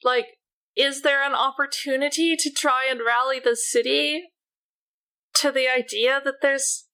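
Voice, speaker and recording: A woman's voice: high voice, steady tone, measured pace, sharp tone. A woman playing a tabletop game, rambling with lots of fillers. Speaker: player. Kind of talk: casual tabletop game chat.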